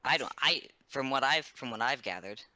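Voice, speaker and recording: A man's voice: mid-range voice, lively intonation, normal speed, bright, forceful tone, no echo. A man voicing his character in a tabletop role-play, rambling and earnest with frequent restarts. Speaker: player.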